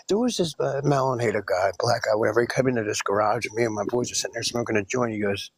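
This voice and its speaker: A man's voice: mid-range voice, fast, hardly any pauses, slightly rough. A man calling into a live stream, stammering, swearing and rambling in an agitated way as he tells his story.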